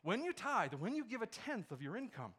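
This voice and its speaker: A man's voice: high-pitched, sing-song, brisk, fairly bright tone, husky. A male pastor preaching a sermon with emphasis, firing rhetorical questions at his congregation.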